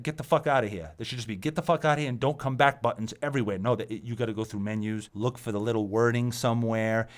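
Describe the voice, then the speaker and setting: A tired, exasperated man hosting his own channel, ranting about software and the internet, swearing often and repeating himself. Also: medium pitch. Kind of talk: profane tech rant monologue.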